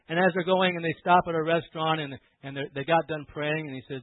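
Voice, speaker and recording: A man preaching a sermon as pastor, swinging from loud impassioned preaching to quiet storytelling. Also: a little high, fairly even intonation, quick pace, hardly any pauses. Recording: tinny phone-like sound, dry.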